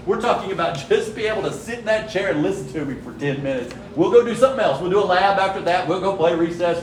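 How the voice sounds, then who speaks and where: A man's voice: high-pitched, noisy background. A man leading a conversational Bible study, telling stories and often checking in with his listeners. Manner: storytelling, frequent "right?" check-ins. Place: church room. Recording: echoey room from far off.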